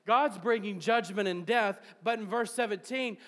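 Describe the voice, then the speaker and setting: A man preaching a sermon to a congregation, reading scripture aloud and building to shouted peaks, with jokes and laughter along the way. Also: high-pitched, moderate pace. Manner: preaching with rising bursts of shouting. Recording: long hall reverb.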